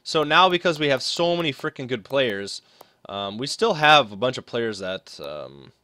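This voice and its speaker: A young man giving casual commentary over a hockey video game, rambling and thinking out loud with lots of fillers. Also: medium pitch, big pitch swings, moderate pace, no room sound, studio quality. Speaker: gaming commentator.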